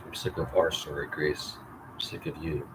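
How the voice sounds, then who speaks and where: A man's voice: very deep voice, flat delivery, normal speed. A man reading and editing his own story aloud live, wry, profane and self-mocking. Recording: loud background noise.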